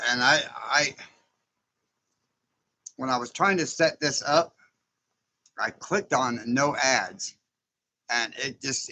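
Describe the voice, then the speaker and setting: A man's voice: medium pitch, pushed and bright, low-quality recording. A man hosting a casual live stream, folksy and chatty, often chuckling as he greets viewers.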